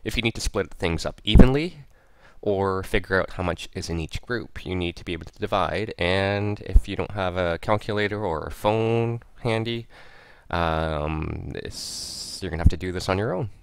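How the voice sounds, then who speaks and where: A man with a low voice and a gravelly edge walks through a math lesson one step at a time. He talks patiently, repeating each step aloud as he writes. The sound is dry and close. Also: moderate pace, dry recording. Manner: patient, repeats steps aloud while writing. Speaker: math teacher. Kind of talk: step-by-step tutorial explanation. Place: at a computer, recording a screen lesson.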